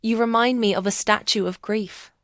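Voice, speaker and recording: A woman's voice: fairly high pitch, fairly even intonation, normal speed, fairly bright tone, no room sound, studio quality. A woman voicing an enthusiastic, free-spirited woman painter in her fifties who speaks directly and encouragingly.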